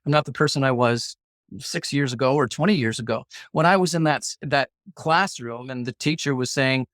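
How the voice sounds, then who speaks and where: A man's voice: medium pitch, fairly quick, a bit bright, no echo. A middle-aged man telling a personal story as a guest in an interview, acting out the competing voices in his head. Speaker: guest, former hostage negotiator.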